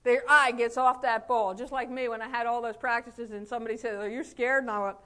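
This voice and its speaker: A middle-aged woman with a high voice gives a motivational speech to fellow chiropractors. She talks in a folksy, lively way, laughing often and acting out what people said to her. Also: quick pace, background noise. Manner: folksy, animated, laughs often, acts out quotes. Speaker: chiropractor giving a talk.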